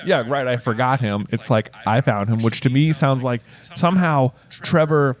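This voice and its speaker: A man co-hosting a book podcast, chatting casually and laughing as he acts out quick character lines. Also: medium pitch. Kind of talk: casual book-discussion chat.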